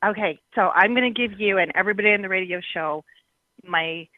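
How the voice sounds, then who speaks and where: A woman's voice: medium pitch, a little fast, no room sound. Chatty woman guest on a phone line. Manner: chatty and playful, laughs easily. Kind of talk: phone-in radio interview.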